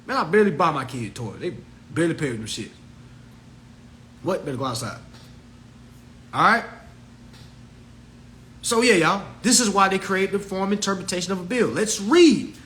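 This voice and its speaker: A man hosts an animated, profane and preachy talk about law, and mimics others in shrill voices. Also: normal speed, long pauses. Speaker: host. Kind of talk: livestream talk.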